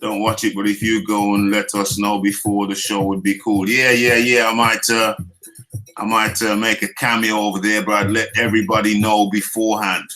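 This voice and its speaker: A British man hosts a casual live boxing stream with a bright, forward tone. He jokes, teases his chat and repeats phrases as he goes. Faint music runs low behind him. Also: level tone, moderate pace. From United Kingdom. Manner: jokey, teasing, chatty with viewers; laughs often, repeats phrases. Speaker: boxing talk show host.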